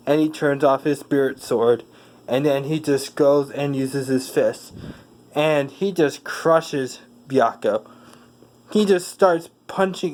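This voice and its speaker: A speaker casually retelling a fan story, halting often with fillers and correcting themself mid-sentence. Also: mid-range voice, darkish tone, poor audio.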